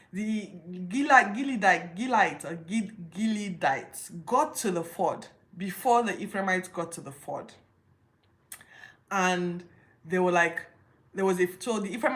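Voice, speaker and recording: A woman hosting a Bible podcast, retelling scripture casually with incredulous rhetorical questions. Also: on the low side. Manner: informal retelling with restarts.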